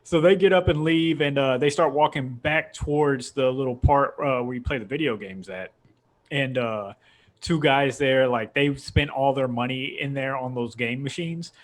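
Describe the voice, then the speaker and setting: A man's voice: mid-range voice, moderate pace. A young man hosting a casual podcast, rambling through a long story with frequent laughs. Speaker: podcast host. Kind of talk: casual chat.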